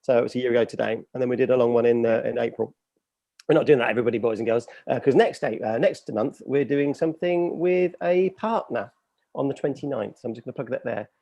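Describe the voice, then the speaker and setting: A man's voice: mid-range voice, quick pace, creaky, dark tone, dry recording. A man hosting a casual livestream chat, rambling and self-mocking with lots of fillers. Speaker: host.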